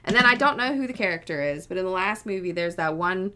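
A woman co-hosting a podcast in casual chat, animated and rambling, laughing often. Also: fairly low pitch, quick pace. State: mildly sick. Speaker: podcast co-host.

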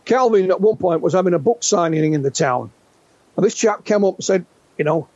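A man in his sixties, guest on an interview, recounts witness stories in a lively, halting way, repeating words as he restarts. His voice sits high for a man. The sound is dull and lo-fi, very dry with no room around it. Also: dry recording. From England. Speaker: guest UFO researcher. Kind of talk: conversational storytelling interview.

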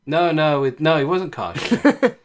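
Lively joking podcast co-host. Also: medium pitch, a little slow, a little hiss or hum. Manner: jokey, laughs often, slips into silly voices. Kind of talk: casual podcast chat.

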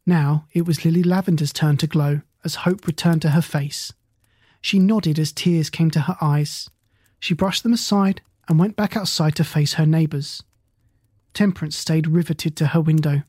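A narrator reads a children's story aloud in a calm, even way. The sound is close and dry, with no room around it. The voice sits at a middling pitch. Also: normal speed, husky, dry recording. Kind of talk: storybook reading.

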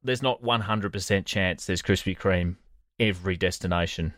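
A man's voice: deep voice, normal speed, fairly bright tone, no room sound. A man with an Australian accent, co-hosting a podcast and telling a story with dry, sardonic humour and casual swearing. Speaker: podcast co-host. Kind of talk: comedic storytelling chat.

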